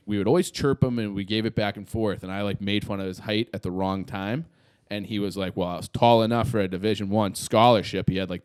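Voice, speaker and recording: A man's voice: fairly low pitch, smooth, no echo, studio quality. A young man from Illinois, co-hosting a casual sports podcast and telling loose, profane stories. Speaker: podcast co-host.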